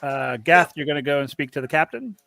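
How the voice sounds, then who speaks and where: A man's voice: a little high, animated, brisk, vocal fry, pushed and bright, dry recording. Chill guy running a tabletop game, lots of ums and laughs, super dry mic. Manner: loose and chatty, laughs often, many fillers. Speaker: game master. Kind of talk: narrating a tabletop game over a live stream.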